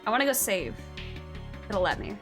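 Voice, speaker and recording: A woman streaming a horror game live, reading its dialogue aloud and reacting with loud exclamations. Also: medium pitch, sing-song, moderate pace. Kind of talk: casual live game commentary. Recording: voice over game music.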